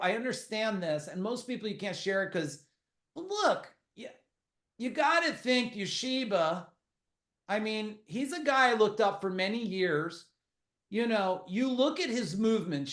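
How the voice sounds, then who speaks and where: A man's voice: high-pitched, fairly bright tone. Blunt, swearing middle-aged man in a roomy space. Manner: blunt, profane storytelling, rapid asides. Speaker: podcast guest. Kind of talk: casual interview talk.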